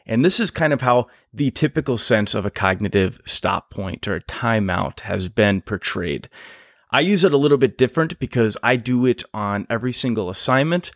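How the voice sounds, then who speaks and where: A man who works as a flight paramedic, talking casually as a podcast guest, eager and explanatory and quick to laugh. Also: medium pitch, lively intonation, no room sound, studio quality. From United States. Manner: enthusiastic, explanatory, laughs easily.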